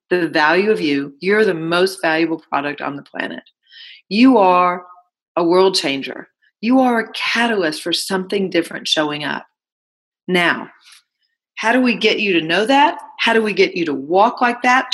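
A woman's voice: medium pitch, slightly rough, low-quality recording. A woman hosting a self-help podcast, giving a motivational monologue full of coaxing rhetorical questions. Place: Houston studio.

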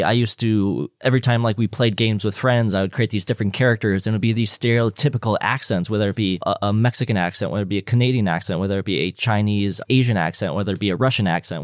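Low-voiced American podcast host, dry sound. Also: male voice, dry recording. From United States. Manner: rambling, conversational questions. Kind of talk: casual interview chat.

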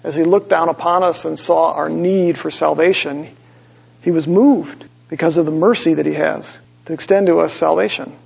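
A man teaching a Bible study sermon, reading verses slowly with emphasis and asking the listeners questions. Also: a little high, creaky, darkish tone, breathy edge. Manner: reads scripture slowly with rising emphasis, asks the audience questions. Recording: dull lo-fi recording.

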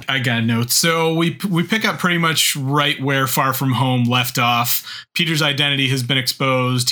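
A man co-hosting a casual movie podcast, his voice bright and forward. He recaps the plot in a relaxed, off-the-cuff way, swearing and chuckling along. His voice sits in a middle register. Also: medium pitch. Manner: laid-back, profane, laughs often. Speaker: podcast co-host.

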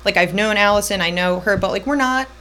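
A woman's voice: mid-range voice, a bit bright, a little hiss or hum. A woman in her thirties telling her personal story as a podcast guest, jumping around between moments and quoting the people involved. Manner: tells her story in quick, looping bursts, voicing others in her quotes.

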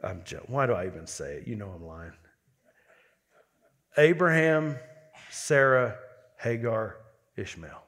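A man's voice: medium pitch, animated, fairly bright tone. A lead pastor preaching a sermon, building emphasis and repeating words as he drives a point home. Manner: preaching with rising emphasis and quick asides.

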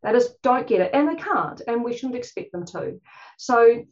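A woman from New Zealand with a New Zealand accent, a clinician giving a chatty, quick conference talk full of fillers and restarts. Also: a little high, lively intonation, a little mellow, dull audio. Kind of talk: conference presentation.

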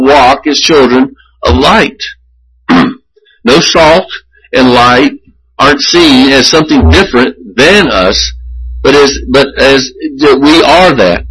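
A man preaching a sermon as pastor, earnest and measured, often restarting his phrases. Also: mid-range voice, fairly bright tone, rough recording.

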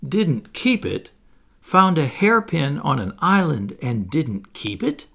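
A man voicing a commanding young lady, high. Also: huge pitch swings, moderate pace, creaky, fairly bright tone, exaggerated voice. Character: proud, sharp young aristocratic lady.

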